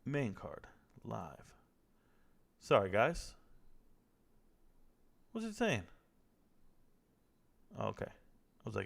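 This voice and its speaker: A man's voice: lowish voice, huge pitch swings, very slow, gravelly, long pauses. A young man hosting a casual live stream, joking and trash-talking as he reads viewer comments. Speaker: livestream host reacting to fights.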